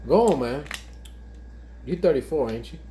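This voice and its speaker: A man co-hosts a casual livestream, bantering loosely and swearing as he reads viewer comments aloud. His voice sits at an everyday middle pitch with a faint hiss underneath. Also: expressive, normal speed, mellow. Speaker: co-host.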